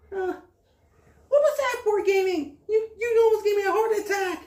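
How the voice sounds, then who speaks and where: A woman voicing a timid baby star creature who gasps and squeaks in a high, excitable voice, with an echoey room sound. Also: heavily acted. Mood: startled. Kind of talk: amateur cartoon voice acting.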